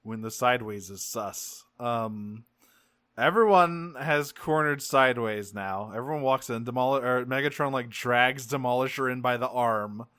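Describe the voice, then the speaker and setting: A man's voice: mid-range voice, smooth, no room sound, studio quality. A man co-hosting a podcast, recapping a cartoon episode in casual profane chat and acting out the characters' lines. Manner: profane, animated, acts out characters in quick voices. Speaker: podcast co-host.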